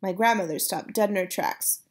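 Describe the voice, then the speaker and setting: A woman's voice: medium pitch, moderate pace. Woman reading a children's book aloud. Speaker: storybook reader.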